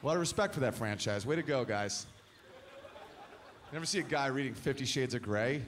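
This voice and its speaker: A man's voice: medium pitch, animated, a little fast, fairly bright tone, a little hiss or hum. A man in his thirties doing a stand-up comedy set, crude and wry, breaking into chuckles.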